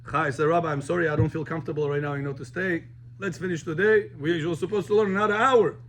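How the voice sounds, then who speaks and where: A man, a rabbi telling a story to his class in an animated way, mixing in words. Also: a little high, quick pace, a little hiss or hum. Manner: animated, switches between English and Russian.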